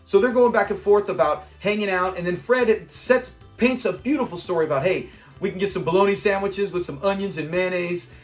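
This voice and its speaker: A man hosts a casual breakdown of a classic sitcom episode. He talks with enthusiasm in a fairly high voice and slips into the characters as he quotes them. Soft music plays underneath. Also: brisk. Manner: enthusiastic, acts out quoted lines. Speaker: show host.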